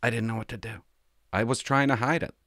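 A middle-aged man, a former police officer, telling a story from his work in a casual, animated way. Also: mid-range voice, fast, dry recording, clean studio sound. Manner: animated, acts out the people he quotes.

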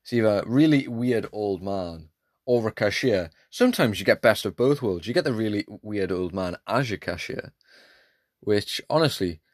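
A man's voice: lowish voice, no echo, clean studio sound. A young man in his late teens from England, hosting a casual solo podcast in a rambling, jokey, self-deprecating way. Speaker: podcast host.

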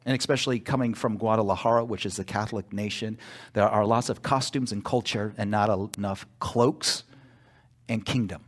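A male pastor preaching a sermon in church, emphatic, pausing for call-and-response asides. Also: fairly low pitch, fairly even intonation.

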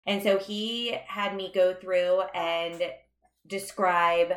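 A young adult woman talks slowly on a podcast, her fairly low voice fairly even in intonation as she candidly relates her own story. Reflective and earnest, she laughs from time to time, and the audio has a roomy echo.

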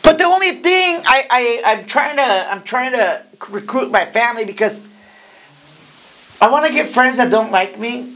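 A man's voice: extremely high pitch, moderate pace. A man as a podcast guest, joking and cursing in casual chat. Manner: animated, profane, joking.

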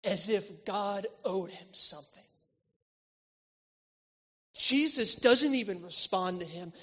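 A man preaching a church sermon, swinging between loud, emphatic lines and quiet, intimate ones. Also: sits high, lively intonation, slow. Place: church hall. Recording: reverberant hall, slightly dull sound.

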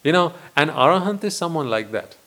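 A man, a Buddhist monk, giving a dharma talk in a deliberate way, full of rhetorical questions and repetition. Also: fairly high pitch, expressive, bright, forceful tone.

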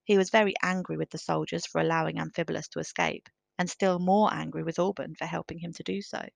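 A woman narrating a storybook in a measured, careful reading. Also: sits low, fairly even intonation, creaky, no room sound.

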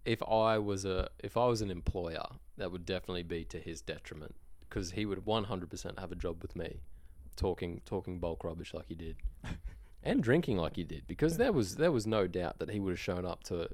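Young aussie guy rambling on a podcast, lowish voice, laughs heaps, dry close sound. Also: a little fast, a little mellow, no echo. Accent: Australian. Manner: laughs often, rambling and self-mocking. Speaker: podcast co-host. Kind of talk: casual chat.

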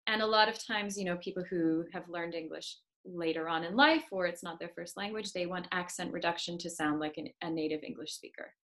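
A woman's voice: on the low side, a little fast, hardly any pauses, a bit bright. A woman working as an accent coach, explaining her views firmly in a podcast conversation. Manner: firm, opinionated explanations.

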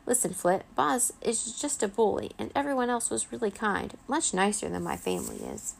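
A woman's voice: mid-range voice, wildly swooping pitch, moderate pace, vocal fry, a little hiss or hum, heavily acted, poor audio. A woman voicing Vlad, an anxious but earnest young boy vampire in a storybook read-aloud, speaking eagerly. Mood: determined.

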